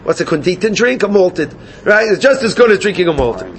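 A man teaching a Gemara class, animated and questioning his students. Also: sits high, a little fast, a little hiss or hum. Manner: animated, questioning students, mixes Yiddish and Hebrew terms. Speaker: Talmud teacher.

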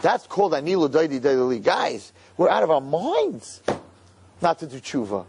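A man giving an animated sermon, acting out scenes and repeating lines for emphasis. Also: fairly high pitch, normal speed, a little hiss or hum. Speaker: religious speaker.

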